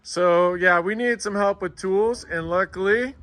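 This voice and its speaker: A man chatting in a garage while working on an engine, speaking quietly and agreeably. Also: high voice, unhurried. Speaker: guest mechanic. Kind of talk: casual shop chat. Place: auto garage.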